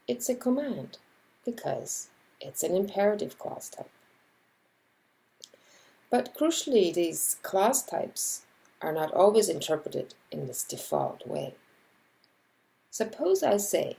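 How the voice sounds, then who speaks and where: Slow gravelly woman explaining linguistics. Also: mid-range voice, big pitch swings, dark tone, low-quality recording. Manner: measured, explanatory, acts out example sentences. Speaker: linguistics lecturer. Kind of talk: scripted educational narration.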